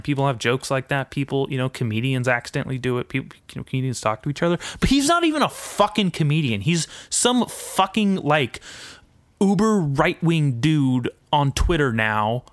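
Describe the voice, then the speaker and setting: A man's voice: mid-range voice, no room sound. A man ranting in a rambling, foul-mouthed monologue as a podcast host, mixing indignation with self-deprecating asides. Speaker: podcast host and aspiring comedian.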